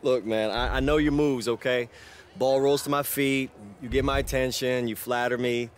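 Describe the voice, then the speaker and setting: An actor playing a laid-back young male pro basketball player with a dry, low-key way of talking. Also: fairly even intonation, moderate pace, slight background noise, close to an everyday voice. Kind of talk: video game voice acting.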